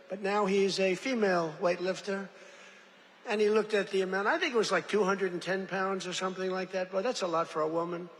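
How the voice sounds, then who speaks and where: An older man with a high-pitched, fairly bright voice gives a rambling, boastful rally speech from a podium, tossing in mocking asides and acted-out quotes. It was recorded in a large, reverberant event venue with faint ambience and a little hiss or hum.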